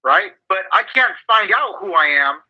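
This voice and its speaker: Through a muffled recording, a man with a high-pitched voice and lively intonation co-hosts a podcast at a moderate pace. It's casual motivational talk, profane and emphatic, and he keeps repeating himself to press his point.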